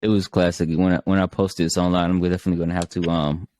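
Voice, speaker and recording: A man's voice: sits low, flat delivery, quick pace, dark tone, slight background noise. A man hosting a podcast, asking questions in a rambling, hesitant way. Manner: rambling, hesitant, many fillers and restarts. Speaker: podcast host. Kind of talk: casual podcast interview.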